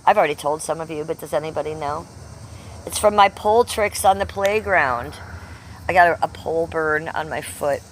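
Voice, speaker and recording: A woman's voice: sits low, normal speed, a little hiss or hum. Brash fifty-something woman live-streaming. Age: 50s. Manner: brash, chatty, reads out chat. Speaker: livestreamer. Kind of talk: casual live-stream chat.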